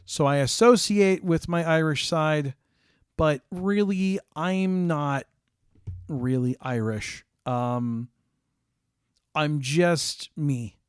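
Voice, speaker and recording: A man's voice: fairly high pitch, very slow, clear, resonant tone, dry recording, studio quality. An American man hosting a casual stream, chatting with viewers in a rambling way with frequent ums and restarts. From United States.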